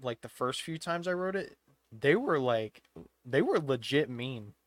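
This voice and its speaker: A man's voice: mid-range voice, lively intonation, unhurried, dry recording. A man co-hosting a podcast, telling stories casually and acting out what others said. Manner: storytelling, acts out quotes with loud bursts. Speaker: podcast co-host. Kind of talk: casual chat.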